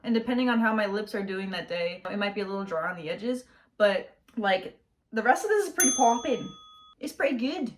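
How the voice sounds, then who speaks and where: A young woman chatting casually in her bedroom while she does her makeup, high-energy and slangy. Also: animated, a little fast, noisy background. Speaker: beauty vlogger. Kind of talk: casual get-ready-with-me chat.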